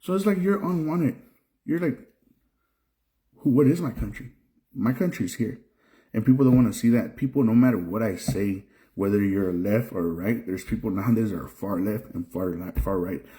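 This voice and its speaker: A young Mexican trucker who makes videos vents to the camera in a casual, frustrated rant, repeating and restarting phrases. He speaks at a moderate pace in a lowish, warm voice.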